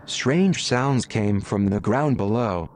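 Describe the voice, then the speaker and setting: A man reading his own adventure story aloud in a plain, steady way, as an audio drama. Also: fairly low pitch, slow, slight background noise. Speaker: narrator.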